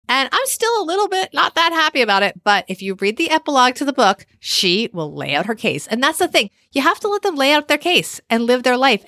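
Middle-aged woman, casual chat, lively storytelling, dry close sound. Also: fairly high pitch, dry recording. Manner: animated storytelling, acts out quoted voices. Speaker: podcast host and author.

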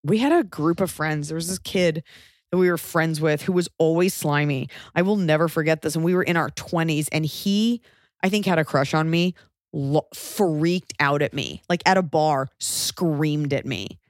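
A woman's voice: sits low, normal speed, no room sound, clean studio sound. A woman in her thirties, co-hosting an advice podcast, talking bluntly and emphatically in casual chat and swearing freely. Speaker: podcast co-host giving advice.

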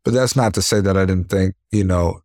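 A young adult man, a professional boxer, telling stories from the ring in a relaxed interview, acting out punches with sound words. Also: deep voice, fairly quick, no echo, studio quality. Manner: animated storyteller, acts out punches with sound words; leans on "you know what I mean". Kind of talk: casual interview storytelling.

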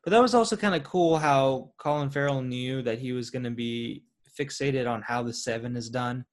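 A man's voice: medium pitch, moderate pace. A man co-hosting a casual film review chat, laid-back with dry quips. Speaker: podcast co-host.

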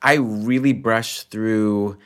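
A man's voice: fairly low pitch, fairly even intonation, slow pace. A man appearing as a comedian guest on a podcast, talking casually, hesitating and trailing off as he searches for words. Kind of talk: casual conversational interview.

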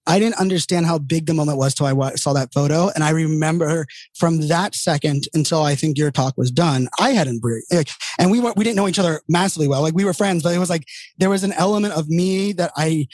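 A man's voice: fairly high pitch, fast, darkish tone, dry recording. A middle-aged man telling his career story in casual conversation, rambling and full of fillers and restarts. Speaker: entrepreneur guest.

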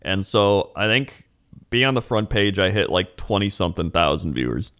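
A streamer with a low-sitting voice chats casually at a moderate pace, staying relaxed and mimicking his viewers' chat messages in a raised voice.

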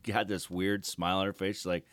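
A man co-hosting a podcast, chatting casually in a quick, soft-spoken way, a bit back from the mic. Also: low-pitched, flat delivery, no echo. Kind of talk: casual chat.

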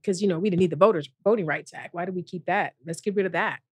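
A woman guest in a casual podcast chat, telling lively stories and acting out quotes in a playful voice. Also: fast talker, breathy edge. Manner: animated storyteller, acts out quotes in a high playful voice. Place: podcast studio.

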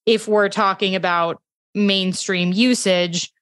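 A woman guest on a podcast speaking in a measured, thoughtful way. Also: medium pitch, fairly even intonation, fairly bright tone, smooth. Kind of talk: casual conversational discussion.

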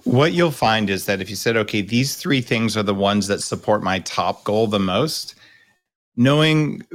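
A man's voice: deep voice, a bit bright. A middle-aged man hosting a podcast, coaching his guest and explaining at length in a blunt, casual way. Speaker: podcast host. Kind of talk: coaching conversation.

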